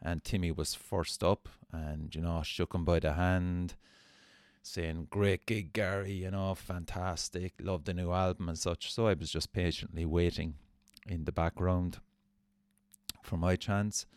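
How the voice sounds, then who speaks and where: A man's voice: sits low, level tone, unhurried, no echo, studio quality. A man hosting a podcast, telling a rambling, self-mocking anecdote with plenty of swearing. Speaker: podcast host. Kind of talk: casual storytelling.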